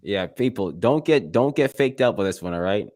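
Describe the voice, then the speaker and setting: A man with a fairly low voice joins a casual livestream as a guest. He talks in an animated way as he hands out trading advice. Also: normal speed. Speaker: guest streamer. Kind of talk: casual live-stream chat.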